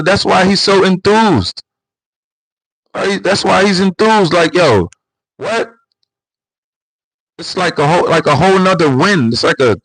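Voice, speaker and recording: A man's voice: medium pitch, a bit bright, no echo, poor audio. Emphatic man ranting on a livestream. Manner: emphatic, repetitive, rhetorical questions. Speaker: livestream host. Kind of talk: casual political commentary.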